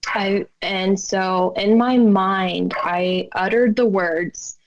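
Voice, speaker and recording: Podcast guest, woman, slow emotional storyteller, voices her own quotes, dull lo-fi sound. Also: mid-range voice, steady tone. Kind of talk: personal story in a podcast interview.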